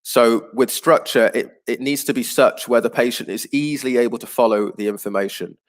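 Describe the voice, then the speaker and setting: Patient male teacher explaining slowly. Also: medium pitch. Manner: patient, explanatory, with frequent fillers. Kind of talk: online class lecture.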